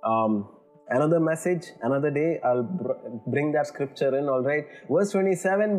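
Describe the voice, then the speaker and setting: A man's voice: on the high side, moderate pace, a little mellow. A man preaching a sermon in an earnest way, building emphasis and checking in with "you know" and "all right". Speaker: pastor.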